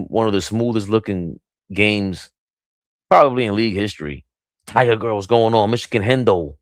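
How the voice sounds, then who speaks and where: A man's voice: on the low side, no room sound, clean studio sound. Hyped man calling a game from home. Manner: hyped, sing-song nicknames, excited outbursts. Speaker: live play-by-play streamer. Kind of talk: casual play-by-play commentary. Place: small room at home.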